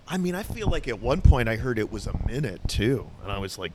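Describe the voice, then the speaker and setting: A man's voice: medium pitch, sing-song, fairly quick, background noise. A man co-hosting a podcast, joking around in casual chat and often trailing off mid-sentence. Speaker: podcast co-host.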